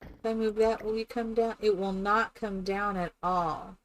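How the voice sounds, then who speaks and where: A woman's voice: mid-range voice, fairly even intonation, measured pace, slight background noise. A woman chatting casually and rambling with many fillers while she builds in a game on a live stream.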